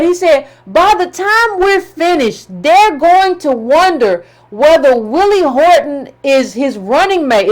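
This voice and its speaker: A high-voiced woman delivers impassioned political commentary, scolding and emphatic, leaning on colloquial phrasing and repeating herself.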